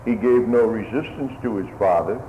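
A man's voice: on the low side, moderate pace, dark tone, slight background noise. A man preaching a solemn, old-fashioned sermon to his hearers. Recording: phone-like radio broadcast in a reverberant hall.

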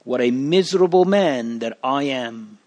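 A man's voice: medium pitch, lively intonation, unhurried, a little mellow, natural voice. A man voicing an earnest, fearful young male pilgrim in a storybook reading, pleading and lamenting. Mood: remorseful.

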